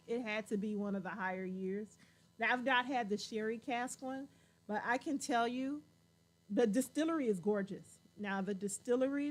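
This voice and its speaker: A woman hosting a show, chatting casually in an animated way and laughing often. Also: a little high. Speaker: show host. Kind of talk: casual chat.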